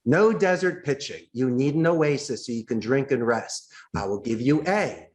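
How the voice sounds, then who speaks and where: A man, a call center boss, explaining sales phone tactics with enthusiasm and acting out calls in bright voices. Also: mid-range voice, lively intonation, moderate pace. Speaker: call center CEO, interview guest. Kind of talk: animated sales coaching talk. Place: in Costa Rica.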